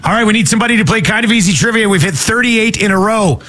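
A man hosting a sports radio show, talking energetically and moving quickly into sponsor reads. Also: high voice, bright, forceful tone. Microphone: studio microphone.

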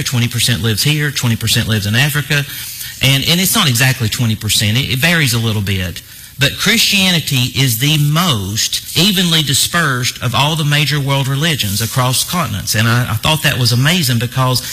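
A man's voice: medium pitch, bright, forceful tone, husky, rough recording. A man preaching a sermon, emphatic and fond of repeating phrases for effect. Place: church.

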